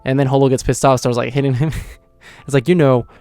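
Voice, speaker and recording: A man's voice: medium pitch, little pitch movement, fast, darkish tone, clear, resonant tone, dry recording. A young man hosting his own channel, casually recapping and reviewing an episode, rambling with lots of filler words and frequent chuckles. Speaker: anime reaction channel host.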